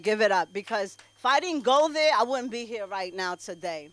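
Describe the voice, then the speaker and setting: A woman doing a stand-up set at an open mic, brash and sassy, swinging between loud punchlines and low asides. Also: lively intonation, moderate pace. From Bangladesh. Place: comedy club stage.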